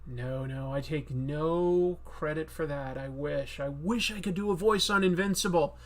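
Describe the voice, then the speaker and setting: A man's voice: fairly high pitch, measured pace. A man hosting a casual live-stream Q&A about comics, chatty and rambling with many fillers. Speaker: comic book video host.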